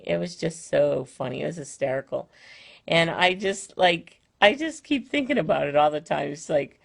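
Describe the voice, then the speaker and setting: Older woman host, low gravelly voice, chatty and rambling, home live stream. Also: expressive, moderate pace. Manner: rambling, with many fillers and restarts. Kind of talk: casual chat. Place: her home, indoors. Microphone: phone or webcam, live stream.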